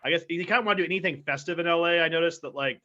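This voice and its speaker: A man's voice: fairly high pitch, very fast, bright, forceful tone, lo-fi sound. A man co-hosting a casual podcast, laid-back and rambling, swearing freely. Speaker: podcast co-host. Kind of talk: casual chat.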